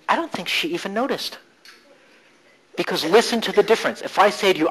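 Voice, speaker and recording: A man presenting a live conference workshop, animated and playful, shifting his emphasis for effect. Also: on the high side, brisk, low-quality recording.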